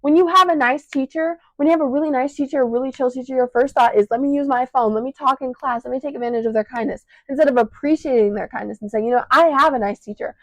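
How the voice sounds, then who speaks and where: Teen woman, Chicago accent, slightly high voice, dry close sound; tearful, breathless venting monologue on a shirt mic. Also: fast talker, hardly any pauses, no room sound, poor audio. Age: teens. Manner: raw, venting, choked up, swearing. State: short of breath, choked up. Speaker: podcast host. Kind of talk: emotional personal monologue. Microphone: clip-on mic attached to shirt.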